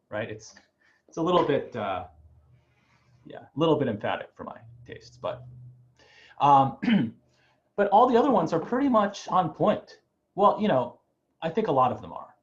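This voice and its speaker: A man's voice: on the high side, sing-song, moderate pace, long pauses, muffled recording. A man teaching an online music class, talking in a loose, chatty way and often checking in with "right?". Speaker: music professor. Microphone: video call.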